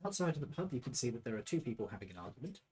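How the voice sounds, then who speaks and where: A man serving as game master, describing scenes in a relaxed, descriptive way. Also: mid-range voice, racing, breathy edge. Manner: descriptive, relaxed, with filler ums. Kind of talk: narrating a tabletop game.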